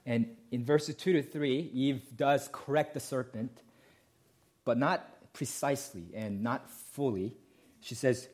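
A man's voice: medium pitch, normal speed, a little mellow. A male pastor preaching a sermon, explaining a passage emphatically and asking rhetorical questions.

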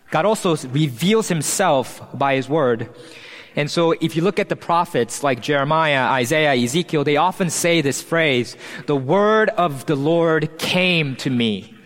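Male pastor, slightly high voice, earnest sermon delivery with emphatic pauses, long church-hall reverb. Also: a bit bright.

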